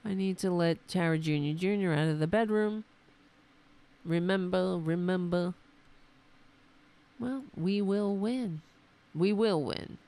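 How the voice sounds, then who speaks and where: A woman's voice: on the low side, slow, long pauses, mellow. A woman hosting a political commentary stream, losing her voice, talking back to clips in a mocking, exasperated way. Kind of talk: sarcastic livestream commentary.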